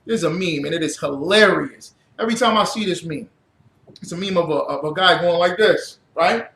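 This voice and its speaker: A man preaching a fiery sermon as a religious teacher, blunt and profane, rising to shouts. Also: on the high side, moderate pace, gravelly. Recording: roomy echo.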